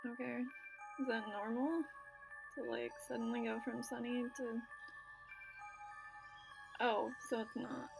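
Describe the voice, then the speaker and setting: A woman's voice: a little high, fairly even intonation, unhurried, creaky, pauses often, over music. A woman playing a story game, reading its narration aloud and reacting casually, with filler words and swearing. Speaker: let's play gamer.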